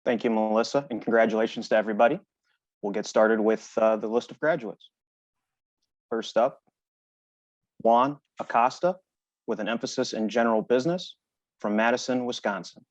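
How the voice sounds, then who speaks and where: A man reads graduate names at a virtual ceremony, slowing down to say each name with care. The recording is dry, with no room sound, and a little dull. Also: lowish voice, dry recording. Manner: deliberate, slows down on each name. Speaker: presenter reading graduate names. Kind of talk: formal name reading.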